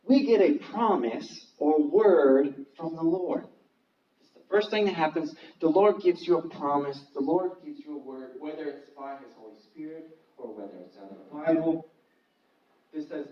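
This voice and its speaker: A man telling a Bible story to children in an animated, dramatic way, acting out the quotes. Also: fairly high pitch, moderate pace, slight background noise. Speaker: children's preacher. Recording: distant roomy dull recording.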